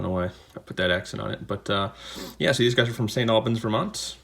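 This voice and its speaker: In a home room with a desk camera, a man hosts a casual unboxing and beer tasting video, rambling and tossing in jokey asides. His voice is mid-range and gravelly, and he talks briskly.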